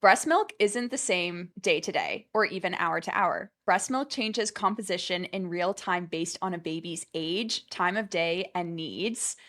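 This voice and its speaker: An excitable young woman co-hosts a podcast in easy, casual chat. Her talk is animated and full of "like" fillers, and she reads out facts with bubbly enthusiasm. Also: fairly low pitch, unhurried, few pauses. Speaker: podcast co-host.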